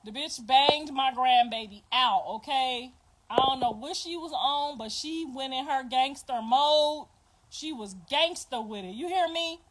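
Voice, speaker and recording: Middle-aged woman host, high-pitched, loud and animated storyteller. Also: a little slow, noisy background. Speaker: podcast host. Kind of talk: casual storytelling.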